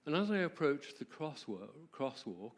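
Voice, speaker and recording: A man's voice: a little high, big pitch swings, moderate pace. Conversational man telling a story in church. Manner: warm, conversational, asks the audience questions. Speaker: marriage ministry presenter. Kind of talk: storytelling talk to a church audience.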